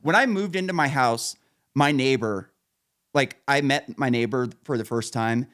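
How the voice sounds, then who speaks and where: A man's voice: mid-range voice, normal speed, a bit bright. A man hosting a podcast, telling rambling, profane stories in casual chat and laughing at his own punchlines. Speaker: podcast host.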